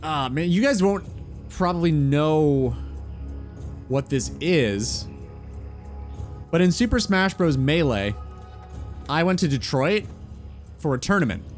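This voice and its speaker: A man's voice: fairly high pitch, expressive, takes it slowly, long pauses, soft background music. A man chatting casually on a gaming stream, rambling and swearing offhandedly.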